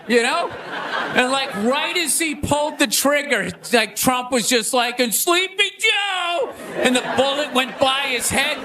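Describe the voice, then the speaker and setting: A man hosting a show and doing a stand-up monologue, animated and shouting his punchlines. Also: extremely high pitch. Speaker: comedian and show host. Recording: live club with crowd laughter and noise.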